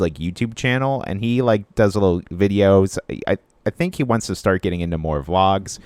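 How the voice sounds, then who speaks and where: A young man with a low, smooth voice co-hosts a casual podcast, rambling easily and leaning on fillers. The sound is close and dry with no room around it. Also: no echo. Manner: rambling, filler-heavy, easygoing. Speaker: podcast co-host.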